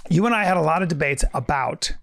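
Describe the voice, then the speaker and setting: A man's voice: a little high, animated, fast, gravelly, a bit bright. A man co-hosting a podcast, chatting casually in a brash, profane, rambling way and laughing often. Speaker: podcast co-host. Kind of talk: casual banter.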